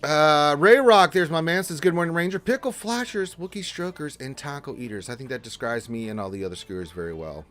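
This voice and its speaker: A man hosting a casual gaming livestream, greeting viewers by name and answering chat questions in a jokey, animated way. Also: fairly high pitch, a little fast, few pauses. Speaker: livestream host reading chat.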